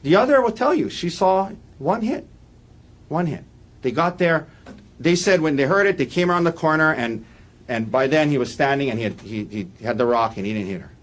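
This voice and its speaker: A man giving a defense opening statement in a courtroom, walking the jury through events in an earnest, halting way with frequent restarts. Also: on the high side, expressive. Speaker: defense attorney.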